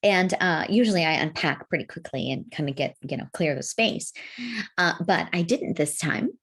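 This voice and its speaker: A middle-aged woman co-hosting a podcast in casual chat, expressive, laughing a lot and swearing casually. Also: deep voice, normal speed, slightly rough. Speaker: podcast co-host.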